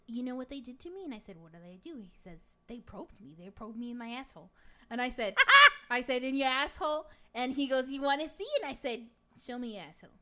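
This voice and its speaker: A woman's voice: on the high side, bright, forceful tone. A woman playing a brash, crude middle-aged gossip in a comic sketch, rambling through a story with plenty of swearing. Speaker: guest.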